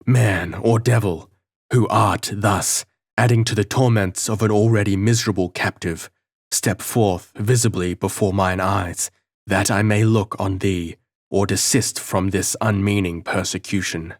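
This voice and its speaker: A man's voice: fairly low pitch, fairly even intonation, a little slow, no echo, studio quality. A man voicing a desperate imprisoned monk crying out. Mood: anguished. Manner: anguished, declamatory.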